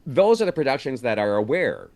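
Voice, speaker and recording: Guest actor, male, from Canada; lively pitch, chatty storyteller. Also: brisk. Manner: storytelling, animated. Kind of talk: casual interview chat.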